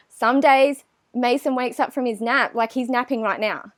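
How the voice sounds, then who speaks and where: A woman's voice: a little high, moderate pace, dry recording. A woman, chatting animatedly as an interview guest and acting out her own thoughts. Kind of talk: casual interview chat.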